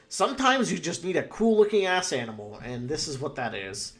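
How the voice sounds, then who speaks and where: A man's voice: a little high, sing-song, brisk, hardly any pauses, a bit bright. A man in casual, rambling commentary, ranking a full list of creatures with frequent swearing and fillers. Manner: laid-back, profane, rambling with fillers. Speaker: podcast host ranking game creatures.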